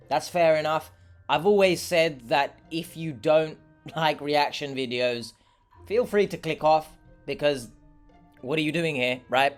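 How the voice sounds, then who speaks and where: A man's voice: on the high side, measured pace, soft background music. A young man, a vlogger, chatting casually and sarcastically while eating, rambling and talking with his mouth full.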